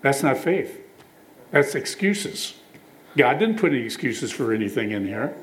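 Very animated and unhurried, a medium-pitched male preacher tells stories, quotes scripture, and asks his listeners questions. The audio is poor, with a little hiss or hum.

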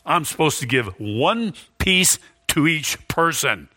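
A no-nonsense serving woman guarding the food, answering in short blunt lines. A male preacher puts her on mid-sermon with a bright, close, dry sound. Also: fairly high pitch, lively intonation, takes it slowly, no echo, full character voice. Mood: firm. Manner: curt, matter-of-fact refusals. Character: stern woman serving lunch, firm and unbudging.

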